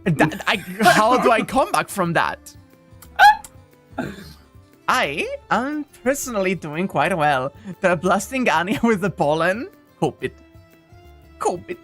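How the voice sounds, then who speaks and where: Giggly streamer, lively pitch, faint music. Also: takes it slowly, long pauses. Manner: scattered, self-interrupting, giggly. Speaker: streamer playing a visual novel. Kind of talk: casual stream chat.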